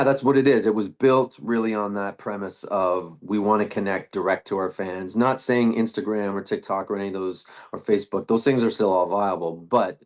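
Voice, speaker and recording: A middle-aged man, a band frontman, talking casually in an interview, rambling with restarts and fillers. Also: on the low side. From Canada.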